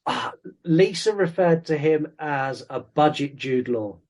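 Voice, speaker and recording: Male podcast co-host, slightly high voice, rambling and jokey, casual film review. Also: lively intonation, measured pace, darkish tone. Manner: rambling, jokey, self-interrupting.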